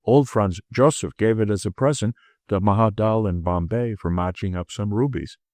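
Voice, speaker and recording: A languid, ironical English gentleman sleuth speaks in a slow, emotionless Oxford drawl, as a male narrator puts him on. The voice sits fairly low and is recorded dry and close, like a storybook reading. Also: no echo, natural voice.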